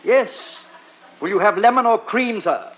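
A man's voice: high-pitched, measured pace. A man playing a polite, dry-witted English butler in a 1940s radio comedy, recorded on a muffled old broadcast with hiss.

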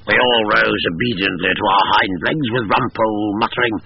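Gravelly, wry male storyteller. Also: on the low side, fairly quick, few pauses, lo-fi sound. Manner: wry, dry, lively storytelling. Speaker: narrator. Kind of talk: dramatized first-person story reading.

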